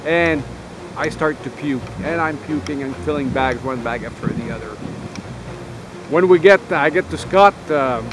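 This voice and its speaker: Rambling veteran man, windy outdoor take. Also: fairly high pitch. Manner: rambling, halting, full of uh and um. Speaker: army veteran vlogger. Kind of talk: casual storytelling to camera.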